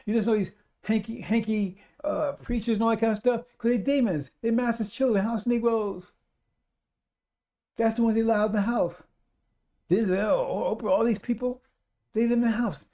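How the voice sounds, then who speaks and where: A man preaching on the radio in a fervent, repetitive street-preacher style, calling his listeners brothers and sisters and building up to loud exhortations. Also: high-pitched, moderate pace.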